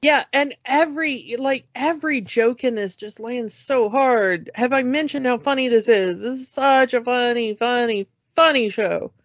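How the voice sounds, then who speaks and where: A woman's voice: fairly high pitch, measured pace, few pauses, no echo. A woman co-hosting a podcast, chatting casually and emphatically, repeating words for effect. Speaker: podcast co-host. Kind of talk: casual chat. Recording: dull lo-fi podcast mic.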